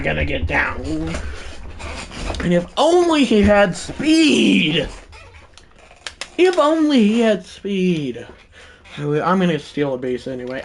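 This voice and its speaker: High-pitched guy streaming a baseball game, talks slow then yells the big calls, bit of noise behind. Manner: excitable, swings into shouted play-by-play calls. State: out of breath. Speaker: gaming livestreamer. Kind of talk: live gameplay commentary.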